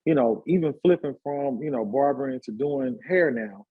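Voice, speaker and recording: A man in his fifties, a hairstylist and party promoter, telling his life story in a relaxed interview with lots of fillers. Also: mid-range voice, normal speed, husky, phone-quality sound. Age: 50s. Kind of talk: casual conversational interview.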